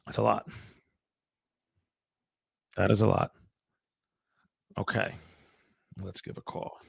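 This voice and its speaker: A man's voice: fairly low pitch, level tone, slow, vocal fry, breathy edge, dry recording, clean studio sound. A man working as a real estate agent, making calls on a live stream and talking offhand asides to his viewers. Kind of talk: live-streamed cold calling with commentary.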